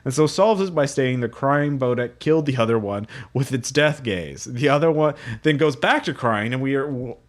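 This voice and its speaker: A man co-hosting a casual tabletop gaming podcast, relaxed and chuckling as he shares game quotes and reads forum stories aloud. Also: medium pitch, normal speed, hardly any pauses. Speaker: podcast co-host.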